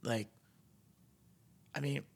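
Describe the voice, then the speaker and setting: A man hosting a podcast, rambling and ranting in a casual monologue, his voice shooting up high when he gets exasperated. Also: very slow. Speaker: podcast host.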